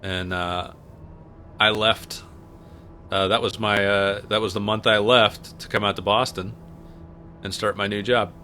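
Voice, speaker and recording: A man, talking loosely on a livestream. His voice is bright and forward, and he keeps up easy jokes as he tells stories while working the controls. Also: on the low side, steady tone, unhurried, long pauses, a little hiss or hum. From United States. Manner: chatty storyteller, joking while flying. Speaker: livestream host and pilot. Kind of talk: casual livestream chat.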